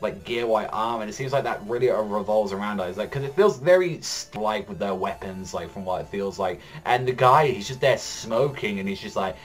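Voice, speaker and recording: A man's voice: on the low side, brisk, few pauses, faint music behind. A young man giving a casual recap of a manga chapter, rambling, filling his talk with "like" and frequent swearing. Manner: rambling, heavy use of "like", swears often. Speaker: anime and manga reaction vlogger.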